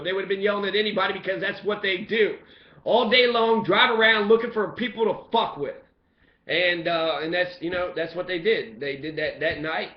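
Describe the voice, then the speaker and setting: A man in an angry, profane, repetitive rant about the police. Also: high-pitched. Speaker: resident speaking out on police. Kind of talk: impassioned ranting monologue. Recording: echoey, dull lo-fi sound.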